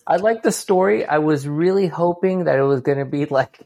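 A podcast co-host giving casual opinions, animated and profane, often laughing. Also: male voice, on the high side, moderate pace, creaky, over a noisy crowd. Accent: Californian. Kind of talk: casual chat.

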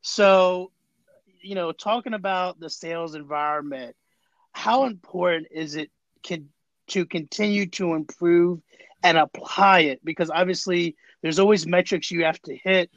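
A male podcast host with a somewhat high voice asks his questions in an affirming, conversational way. His audio sounds muffled and lo-fi, with no room echo at all. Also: a little slow, a bit bright. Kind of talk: interview questions.

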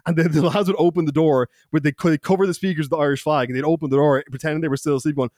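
A young man tells rowdy school stories on a podcast, swearing freely and breaking into laughter. His voice sits fairly high for a man, and the sound is dry and close, with no room around it. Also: fairly even intonation, very fast, a little mellow, dry recording. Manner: profane, laughing, quotes people in put-on voices. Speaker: podcast co-host. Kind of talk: casual storytelling.

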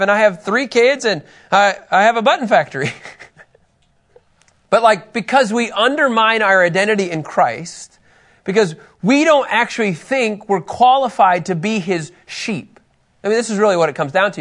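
A man teaching a Bible lesson to a small group, conversational and lively, acting out people's doubts and putting questions to his listeners. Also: high-pitched.

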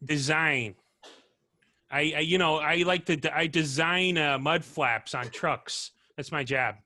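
A man's voice: a little high, measured pace, pushed and bright. A man putting on a Chicago accent to play a boastful car-loving local.

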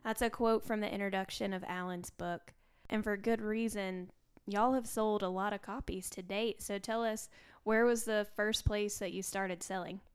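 A woman's voice: mid-range voice, fairly even intonation, normal speed, clear, resonant tone, faint music behind. A woman hosting an interview, reading an introduction and asking friendly questions. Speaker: interviewer host.

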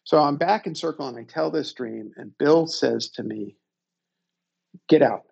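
A man in his fifties, a guest telling a personal story in a reflective, unhurried and self-deprecating way. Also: fairly high pitch, gravelly, darkish tone, breathy edge, dull audio.

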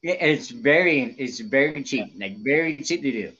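A man's voice: medium pitch, expressive, moderate pace, sharp tone, highs cut off. A man in casual podcast chat, enthusiastic, with many fillers and repeated catchphrases.

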